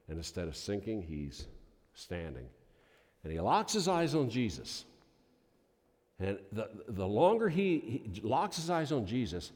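Man preaching in a reverberant hall. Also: lowish voice. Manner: folksy storytelling, building to loud emphatic peaks. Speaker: pastor. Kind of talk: sermon. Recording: long reverb of a large hall.

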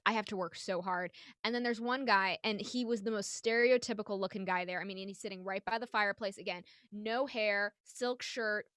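A woman comedian in her thirties tells a story in a podcast interview, her pitch sitting a little high. Her voice is smooth and clear, and she fires off details in quick comic beats. The sound is dry and close, with no room echo. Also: fairly bright tone. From New York.

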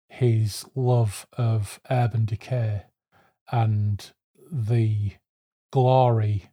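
A man's voice: medium pitch, warm tone. A man talking over a book in a casual podcast, fluent and reflective with a wry edge. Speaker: podcast guest.

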